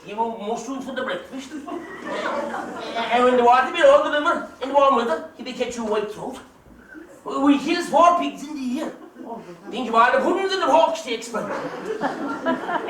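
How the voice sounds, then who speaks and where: A man's voice: very high voice, animated, moderate pace, a crowd in the background. A man playing a pushy, scheming Irish countryman. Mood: coaxing. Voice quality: teasing, boisterous and pushy. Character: scheming loud-mouthed young Irish countryman. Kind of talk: amateur stage acting. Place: theatre stage. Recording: echoey stage recorded from far off with faint hiss.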